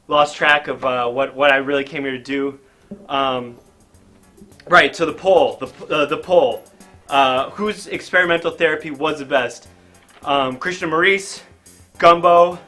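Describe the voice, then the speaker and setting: Comic host, male, breathless and stammering, slightly high pitch, faint music behind. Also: sharp tone. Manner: rambling, stammering and dazed. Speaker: comedy show host. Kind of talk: improv comedy chat. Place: hot indoor stage.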